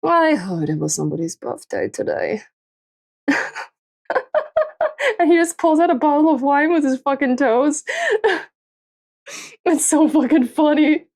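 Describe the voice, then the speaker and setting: A woman's voice: high-pitched, expressive, measured pace, pauses often, darkish tone. A woman livestreamer chatting casually late at night, tired and a little tipsy, giggling often and swearing freely as she rambles. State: tired and tipsy after drinking.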